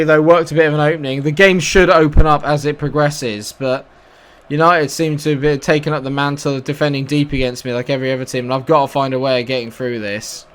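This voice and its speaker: Frustrated and sarcastic, a young British man swears his way through live commentary of his own football video game match for his YouTube gaming channel. He speaks British English in a mid-range voice with a fairly bright tone.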